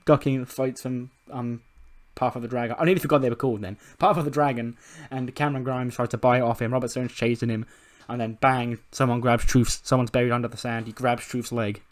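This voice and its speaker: A man and gaming channel host, casually narrating a game recap with animated storytelling and frequent laughter. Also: medium pitch, fairly quick. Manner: animated storytelling, acting out characters, laughing often.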